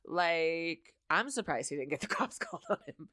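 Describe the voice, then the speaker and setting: A woman's voice: sits low, big pitch swings, moderate pace, sharp tone, dry recording, clean studio sound. A young adult woman casually recapping a TV episode, chatty and full of fillers, with laughing asides. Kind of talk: casual chat.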